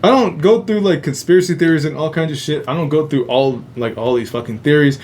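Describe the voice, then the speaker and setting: A man's voice: on the high side, fairly quick, a little mellow. Rambling, swearing man hosting a casual stream. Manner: rambling, heavy swearing, laughs often. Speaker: host. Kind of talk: casual live-stream chat.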